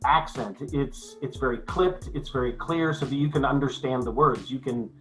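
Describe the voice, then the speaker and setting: A man's voice: mid-range voice, fairly bright tone, faint music behind, rough recording. An older man, an actor, chatting as a guest in an interview, with many restarts and fillers. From United States. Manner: halting, many restarts and fillers, then clear and measured. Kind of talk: casual interview chat.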